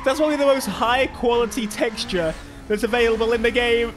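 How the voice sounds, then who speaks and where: A young British man giving excitable, joking gameplay commentary with frequent laughter. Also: very high voice, a little fast, background noise. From Britain. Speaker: gaming YouTuber. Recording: music from the game behind.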